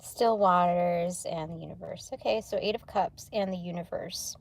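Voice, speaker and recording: A woman's voice: fairly low pitch, moderate pace, vocal fry, slight background noise. A young adult woman chatting casually on a spiritual livestream, rambling, laughing often and swearing lightly as she reads tarot cards.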